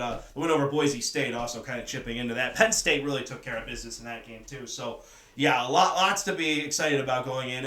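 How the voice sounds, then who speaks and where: A man's voice: mid-range voice, fairly bright tone, distant mic. A man hosting a solo sports talk show, giving opinionated commentary that circles back to the same points. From northern United States. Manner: opinionated, repeats his points. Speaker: sports podcast host. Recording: echoey room, voice away from mic.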